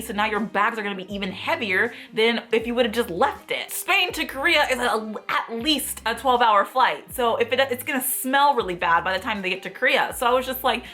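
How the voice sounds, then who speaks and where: A young woman vlogger telling a story in a casual, exasperated way, full of "like" and replayed quotes. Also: medium pitch. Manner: exasperated, animated, heavy use of "like".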